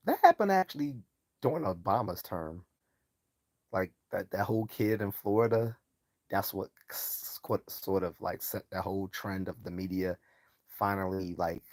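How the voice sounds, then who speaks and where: A man's voice: low-pitched, a little mellow, dry recording. A man hosting a live stream in a casual commentary style, loose and mocking, chuckling often and swearing freely.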